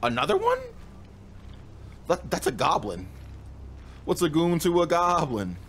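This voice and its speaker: A man's voice: on the high side, wildly swooping pitch, a little slow, gravelly, a bit bright, slight background noise. A young man doing casual gaming commentary, jumpy and slangy, yelping and laughing at scares as he plays. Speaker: gaming streamer. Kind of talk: casual let's-play commentary. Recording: game music playing behind.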